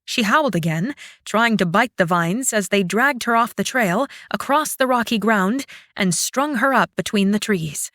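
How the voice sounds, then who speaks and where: A woman narrating a fantasy audiobook in a dramatic, expressive way. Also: medium pitch, moderate pace, no echo, studio quality.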